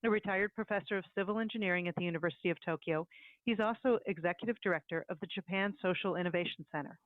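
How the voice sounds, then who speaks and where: Brisk woman host over a phone-like line. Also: on the low side, dry recording. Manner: brisk, read-out delivery. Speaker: webinar host. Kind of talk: scripted introduction.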